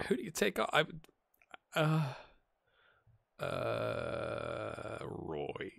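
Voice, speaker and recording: Lively American man commenting on gameplay. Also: medium pitch, very slow, creaky, no echo, studio quality. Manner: lively, reacts loudly to the match. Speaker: gaming YouTuber.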